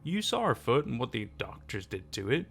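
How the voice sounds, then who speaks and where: A man reading the lines of a calm middle-aged uncle who speaks soothingly, with a gravelly voice. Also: mid-range voice, moderate pace, exaggerated voice. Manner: soothing, reassuring.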